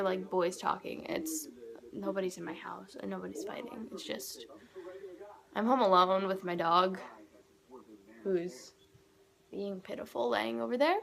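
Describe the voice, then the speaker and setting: A woman's voice: medium pitch, gravelly, sharp tone. A teenage girl telling a story to camera at home in a casual, chatty way, acting out what people said. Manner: chatty, acts out quoted dialogue. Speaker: vlogger.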